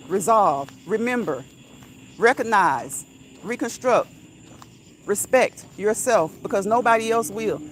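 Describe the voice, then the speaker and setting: A woman's voice: mid-range voice, slight background noise. A woman vlogger giving motivational talk on a walk outdoors, emphatic and repetitive, chuckling now and then, into a phone mic. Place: outdoors, walking at night. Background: crickets and insects.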